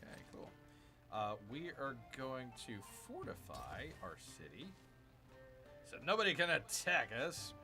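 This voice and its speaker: Over faint background music, an excitable man streams a strategy game at an unhurried pace, his pitch medium. He exclaims freely, reads the chat, and addresses viewers as "people" during his live commentary.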